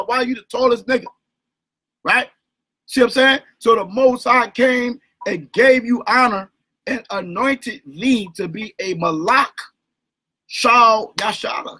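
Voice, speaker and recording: A man hosting an informal call-in bible study. He talks in an animated, slangy way and keeps asking "right?". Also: very high-pitched, low-quality recording. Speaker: bible teacher and host.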